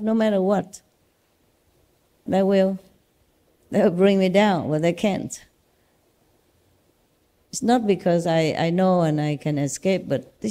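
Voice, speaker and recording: A woman spiritual teacher with a Vietnamese accent speaks casually to her disciples. Her voice is warm and mellow, and she talks in a reassuring, animated storytelling manner, often laughing between her points. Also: mid-range voice.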